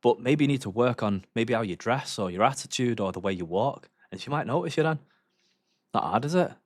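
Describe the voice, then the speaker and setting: A man's voice: mid-range voice, expressive, a little fast, no echo, studio quality. Young man, swearing and rambling. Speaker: livestreamer. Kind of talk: casual chat reacting to videos.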